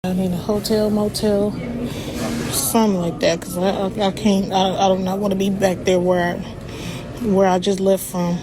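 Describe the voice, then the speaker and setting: A woman speaking into her phone to an online audience, her voice sitting at an ordinary middle pitch. She rambles, circles back and repeats herself as she confides. The recording is noisy, with traffic sounds around her. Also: level tone, moderate pace. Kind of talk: emotional live-stream talk to viewers.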